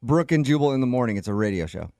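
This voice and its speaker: A man's voice: medium pitch, animated, racing, a little mellow, no room sound, clean studio sound. A man hosting a morning radio show, teasing and laughing with a caller. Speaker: radio host. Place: radio studio.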